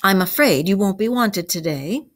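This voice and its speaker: A woman's voice: mid-range voice, lively intonation, lightly acted. A woman doing a stern old badger. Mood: commanding. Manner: grave, deliberate, firm.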